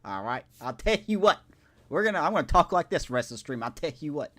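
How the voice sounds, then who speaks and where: A man's voice: on the high side, sing-song, quick pace, a bit bright. A man putting on a joking, exaggerated good-ol'-boy voice with a put-on Southern US drawl and folksy catchphrases. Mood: hammy.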